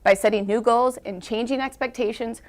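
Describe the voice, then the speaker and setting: A woman, a parent, calmly reading a short testimonial for a school video. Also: fairly high pitch, a little fast. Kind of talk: read testimonial narration.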